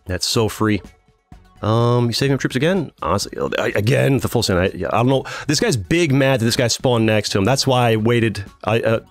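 A man hosting a gaming channel, giving casual commentary on his own play and thinking aloud with many fillers and restarts. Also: on the low side.

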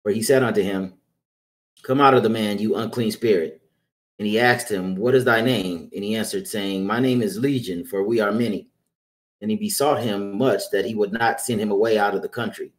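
Man, scripture reader, measured, low voice. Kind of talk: scripture reading.

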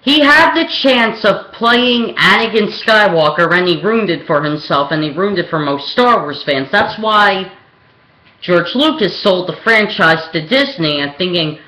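Young vlogger, slow and rambling with lots of ums; recorded in a reverberant room. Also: mid-range voice, animated, sharp tone. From Pennsylvania, USA. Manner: rambling, hesitant, with many ums and restarts. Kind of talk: opinionated film rant. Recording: echoey room.

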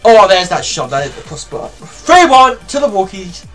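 A young man giving live commentary on his own football video game match, excitable, shouting and swearing at the play. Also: sits high, normal speed, soft background music. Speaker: gamer.

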